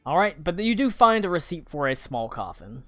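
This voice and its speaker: A man narrating a tabletop game as game master, halting with many fillers. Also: a little high, sing-song, soft background music.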